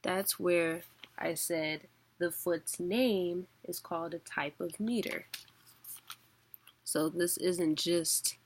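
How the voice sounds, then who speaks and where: A woman teaching an online class, talking slowly and patiently. Her voice sits a little low and has a gravelly edge. She explains in a casual way, with some filler words along the way. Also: fairly even intonation. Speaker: poetry teacher.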